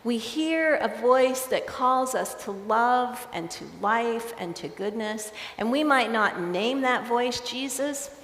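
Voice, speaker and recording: A woman's voice: fairly high pitch, slow pace, hardly any pauses, fairly bright tone. A woman pastor with an American accent preaching a sermon, conversational and storytelling, playful with her congregation. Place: large church sanctuary. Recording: echoey church with long reverb.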